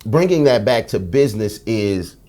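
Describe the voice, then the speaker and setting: A man's voice: fairly low pitch, animated, moderate pace, mellow. A middle-aged man from the United States speaking as a podcast guest, telling stories frankly and animatedly, with slang and profanity. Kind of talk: candid conversational interview.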